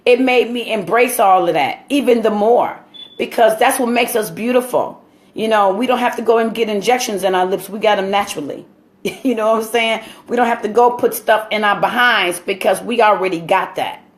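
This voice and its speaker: A woman's voice: medium pitch, moderate pace. A woman hosting her own show, talking straight to viewers in an impassioned, preachy monologue full of "you know" fillers. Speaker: show host.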